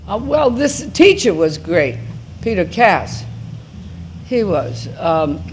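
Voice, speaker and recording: A woman in her seventies speaking to high school students as a guest, talking informally and rambling with frequent restarts. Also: very animated, slow pace, slight background noise. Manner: rambling, restarts mid-thought. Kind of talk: informal talk and Q&A.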